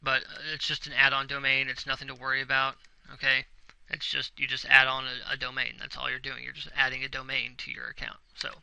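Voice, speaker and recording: A man's voice: mid-range voice, monotone, brisk, vocal fry, pushed and bright, clear, resonant tone, no echo, rough recording. A young man walking viewers through a website setup on screen, talking casually and reassuringly and often checking in with "okay?". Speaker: web tutorial instructor. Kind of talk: screen-recorded tutorial walkthrough.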